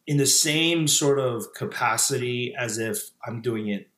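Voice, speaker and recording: A man's voice: medium pitch, unhurried, fairly bright tone, reverberant. A man in his thirties, a former pastor, speaking as a podcast guest in a reflective, casual way with frequent fillers and restarts. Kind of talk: casual conversational interview.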